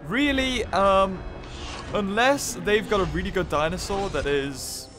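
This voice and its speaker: A man's voice: high voice, moderate pace, over music. A nasal man hosting a gaming channel, short on sleep, chatting and ranting animatedly while he plays. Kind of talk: casual gaming commentary.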